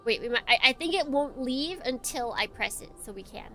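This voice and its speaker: Woman streamer, bright and higher-pitched, giggly, slips into hushed dramatic narration, faint music under her voice. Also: lively intonation, fairly quick. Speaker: streamer reading a visual novel aloud. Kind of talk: let's play commentary and dramatic reading.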